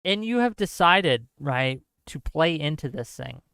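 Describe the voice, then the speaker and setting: A man giving an impassioned political commentary monologue, earnest and lecturing, speaking straight to his audience in fast bursts with heavy repetition. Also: on the high side, expressive, gravelly, bright, forceful tone, clear, resonant tone, no echo. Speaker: political streamer.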